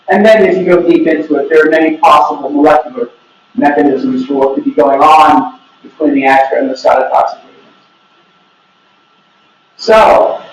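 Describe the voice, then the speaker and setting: A man giving an academic conference talk, opinionated and wry, with joking asides. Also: high voice. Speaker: researcher presenting. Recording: echoey room, mic from far off.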